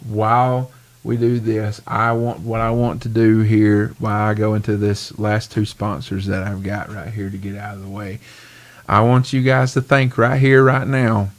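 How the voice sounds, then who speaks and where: A man hosting a podcast in casual chat, animated and rambling, laughing often. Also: lowish voice, normal speed. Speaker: podcast host.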